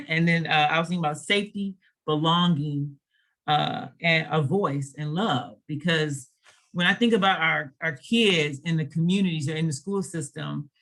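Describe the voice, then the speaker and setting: A woman's voice: sits low, normal speed, fairly bright tone. A woman educator speaking on a panel in a conversational way, with frequent fillers and laughs between her thoughts. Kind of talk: panel discussion.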